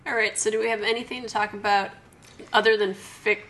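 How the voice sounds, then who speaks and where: Bright-voiced woman co-host, thoughtful asides with dry humor. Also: mid-range voice, flat delivery, brisk, slight background noise. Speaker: podcast co-host. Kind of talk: casual group chat.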